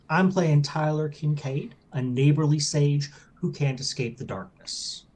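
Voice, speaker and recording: A man playing in a tabletop game, describing his character in a relaxed, hesitant way with fillers. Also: a little high, unhurried. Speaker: player. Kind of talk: casual chat describing a character.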